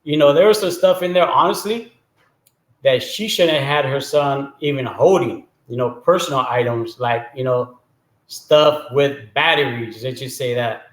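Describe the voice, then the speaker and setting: A man casually telling a joke story as the host, talking in a chatty way and often clearing his throat. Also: mid-range voice, moderate pace, reverberant, rough recording.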